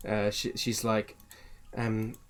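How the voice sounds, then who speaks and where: A man narrating as dungeon master in a relaxed, halting way with many pauses. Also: fairly low pitch. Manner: relaxed, halting, lots of ums. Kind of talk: narrating a tabletop game.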